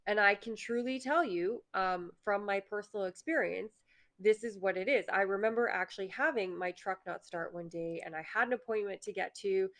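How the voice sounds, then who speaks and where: A woman talks casually through a motivational lesson in a chatty, conversational way. She slips into quick acted asides that voice her own inner thoughts, then returns to plain, friendly explanation. Her voice sits at a middle pitch. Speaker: host.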